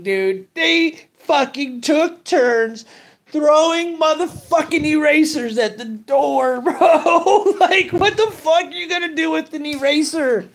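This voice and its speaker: A man's voice: extremely high pitch, vocal fry, fairly bright tone. A middle-aged man hosting a live news stream, ranting in profane slang and greeting chat viewers.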